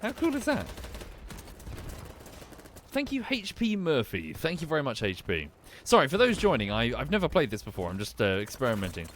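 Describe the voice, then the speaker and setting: A man's voice: mid-range voice, wildly swooping pitch, quick pace, few pauses, a bit bright, slight background noise. A young man with a well-spoken southern English accent, chatting casually and thinking aloud as he streams a game and thanks viewers. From England. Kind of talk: live gameplay commentary and chat.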